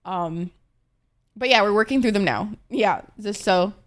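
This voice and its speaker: A woman's voice: medium pitch, a little slow. A young adult woman streaming, chatting casually with her viewers in a playful, rambling, profane way, often laughing.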